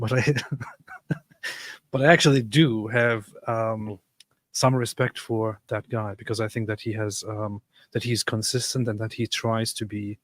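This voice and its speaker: A man co-hosting a casual chat show who reads out viewer comments, sarcastic and quick to laugh. His voice is mid-pitched, and the sound is dry and close, with no room echo. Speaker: co-host.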